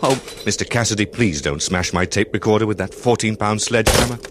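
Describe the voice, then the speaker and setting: A man playing a smug investigative TV reporter, talking deadpan to camera outdoors. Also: on the low side, brisk, heavy background noise, close to an everyday voice. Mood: dry. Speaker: spoof TV reporter. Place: outdoors by a studio building.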